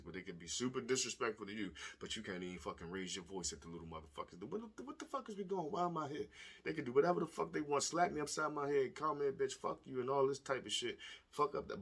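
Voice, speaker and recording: A man giving blunt, profane, animated commentary to the camera, telling stories and speaking plainly as a stepfather. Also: mid-range voice, slightly rough. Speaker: vlogger. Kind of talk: casual commentary video.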